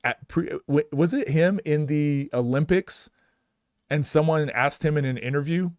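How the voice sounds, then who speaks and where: Blunt, exasperated coach in a dry room. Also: male voice, on the high side, measured pace, darkish tone, dry recording. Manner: blunt, exasperated, talks in restarts. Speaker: basketball coach. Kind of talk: live commentary breakdown.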